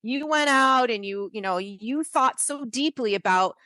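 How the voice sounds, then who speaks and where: A woman's voice: fairly high pitch, expressive, unhurried, pushed and bright, no echo. A woman cohosting a podcast, giving casual advice in a rambling way with lots of restarts and fillers. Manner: rambling, many restarts and "you know"s.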